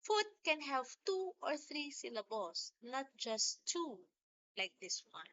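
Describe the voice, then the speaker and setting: Slow, bright-voiced woman teacher. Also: high-pitched, big pitch swings. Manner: slow, patient explaining with sung-out rhythm examples. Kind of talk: classroom lesson on poetry. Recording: dull lo-fi sound.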